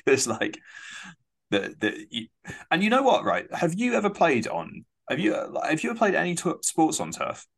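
A man's voice: on the high side, huge pitch swings, normal speed, creaky. A man, co-hosting a casual sports podcast, chatty and swearing. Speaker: podcast co-host.

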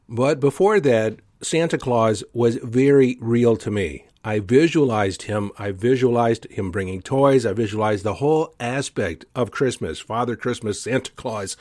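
A man's voice: medium pitch, a little mellow, no echo. Earnest male podcast host, dry sound. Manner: earnest, emphatic coaching delivery. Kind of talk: motivational solo talk.

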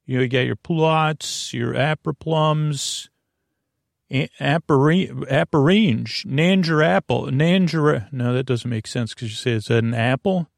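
A man hosting a bedtime podcast in a creaky voice, wandering off topic and repeating himself as he talks. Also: a little high, no echo, clean studio sound. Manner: meandering, repeats himself, goes off on tangents. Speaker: sleep podcast host. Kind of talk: rambling bedtime monologue.

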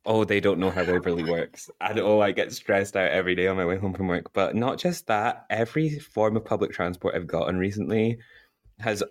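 Lower-voiced Scottish young man, rambling storyteller. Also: a little fast. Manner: rambling storyteller, laughs mid-sentence. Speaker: podcast co-host. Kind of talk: casual chat.

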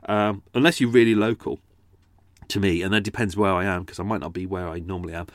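In a dry recording, a low-pitched male podcast host rambles casually to listeners at a fast clip, his intonation fairly even. He's chatty and self-deprecating, full of fillers and restarts, and puts on character accents when storytelling.

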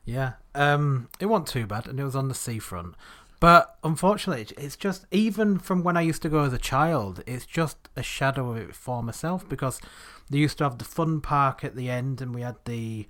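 A man's voice: medium pitch, animated, normal speed, few pauses, fairly bright tone. A man co-hosting a podcast in casual chat, rambling and correcting himself as he goes. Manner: rambling, reminiscing with self-corrections. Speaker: podcast co-host.

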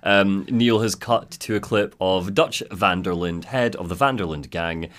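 A man's voice: low-pitched, a bit bright. A man co-hosting a podcast, reacting in a chatty, easygoing way. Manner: reactive and chatty, quick to laugh. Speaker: podcast co-host. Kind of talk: casual chat.

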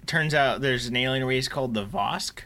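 Bright-voiced wisecracking man. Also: medium pitch. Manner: wisecracking, quick interjections. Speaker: podcast co-host. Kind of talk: casual episode recap.

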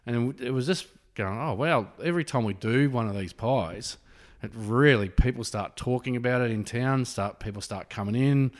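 A man's voice: medium pitch, moderate pace. An Australian man who owns a pie shop, chatting casually in an interview and rambling with plenty of "sort of" fillers. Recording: reverberant room.

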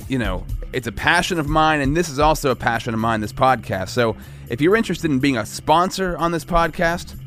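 A man's voice: on the high side, lively intonation, fairly quick, few pauses, a bit bright. A man with a central Pennsylvania accent hosts his podcast from a small studio. He talks loosely and jokingly, drifting from thought to thought. Faint music sits behind him. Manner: loose, rambling, joking delivery. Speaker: podcast host. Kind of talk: casual podcast chat and self-promotion.

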